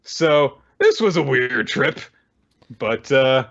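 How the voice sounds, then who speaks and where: A man's voice: medium pitch, very animated, slow pace, fairly bright tone. A man recapping a manga chapter in a casual chat and acting out the characters' lines with animation. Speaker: podcast co-host. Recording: dull lo-fi audio.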